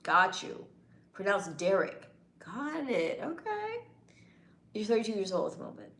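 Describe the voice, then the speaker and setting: A woman's voice: medium pitch, wildly swooping pitch, measured pace, a bit bright, roomy sound. A woman hosting a casual livestream, reading chat comments and teasing her viewers playfully.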